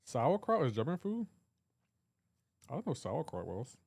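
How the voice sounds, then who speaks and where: A man's voice: mid-range voice, huge pitch swings, measured pace, vocal fry, a little mellow, slightly rough, dry recording. Male streamer, casual and joking, reading chat aloud on a live stream, dry close sound, mid-range voice.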